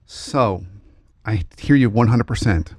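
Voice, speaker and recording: A man's voice: on the low side, expressive, slow, dry recording, clean studio sound. A man hosting a podcast, asking questions in a playful, conversational way. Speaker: podcast host. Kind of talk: podcast interview.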